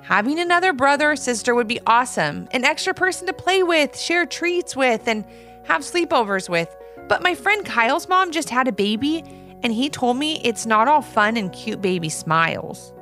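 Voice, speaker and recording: A woman's voice: high voice, very animated, moderate pace, bright, forceful tone, soft background music, full character voice. A woman voicing a young boy in a storybook, talking in an eager, hesitant way. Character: young boy, big brother, thoughtful and a bit glum.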